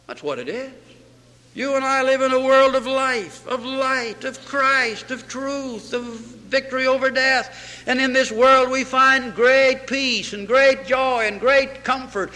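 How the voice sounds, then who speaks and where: A man's voice: extremely high pitch, slow, pushed and bright. A man preaching a sermon with fervor, repeating phrases and quoting scripture in old English. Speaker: pastor. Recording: reverberant hall.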